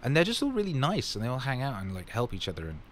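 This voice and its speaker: A man's voice: mid-range voice, wildly swooping pitch, fast, a little hiss or hum. A man casually answering fan questions in his vlog, rambling and upbeat with plenty of fillers.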